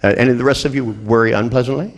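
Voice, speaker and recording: A middle-aged seminar trainer speaks very fast in a mid-range voice with fairly even intonation. Giving a humorous talk to a group, he tells jokey stories and acts out the voices of the people in them.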